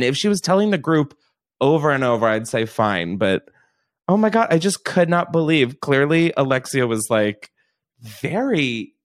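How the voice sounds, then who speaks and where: A young man hosting a podcast, chatting casually in a rambling way and laughing often. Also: on the high side. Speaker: podcast host. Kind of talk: casual chat.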